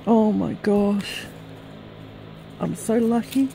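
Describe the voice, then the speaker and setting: A woman crafter filming a gift unboxing at home on a handheld camera, tearful and trembling, gushing softly with many breathy sighs. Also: mid-range voice, measured pace, music in the background, rough recording. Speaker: craft vlogger. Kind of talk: emotional gift-unboxing vlog. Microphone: handheld camera, shaking.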